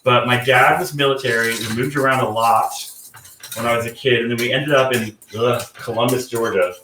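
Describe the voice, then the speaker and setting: A man's voice: medium pitch, steady tone, fairly quick, pushed and bright. A man from the American South, a guest cook chatting casually while he cooks, rambling with many fillers and restarts. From Southern United States. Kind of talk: casual chat while cooking. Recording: echoey room, distant from the mic, faint noise.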